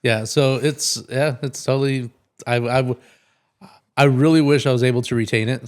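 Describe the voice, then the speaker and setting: A man from New Mexico co-hosting a podcast in casual chat, thoughtful and halting, often restarting his sentences. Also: mid-range voice, steady tone. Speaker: podcast co-host.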